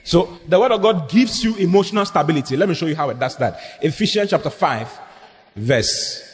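A pastor delivers a sermon in a high, lively voice at a fairly quick pace, leaning into humor and call-and-response. His words ring through a hall with a long echo over faint background noise.

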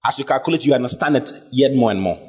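A man's voice: mid-range voice, fast, slightly rough. A man preaching a sermon, emphatic and full of questions to his congregation. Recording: dull lo-fi sound.

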